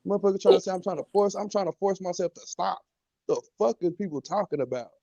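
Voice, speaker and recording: A man's voice: sits high, expressive, quick pace, gravelly, warm tone, dry recording, dull audio. A man, a guest, talking emotionally and defensively, cursing and fighting back tears. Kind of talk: emotional call-in talk.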